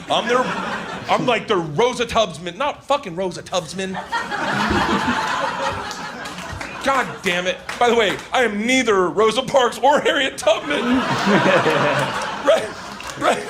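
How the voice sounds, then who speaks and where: Loud, excitable male stand-up comic. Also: high-pitched, a little slow, long pauses, very noisy. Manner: loud, excitable, laughing through the telling, shouting punchlines. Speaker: stand-up comedian. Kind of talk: stand-up storytelling. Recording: live stage recording with loud audience laughter. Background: loud crowd laughter.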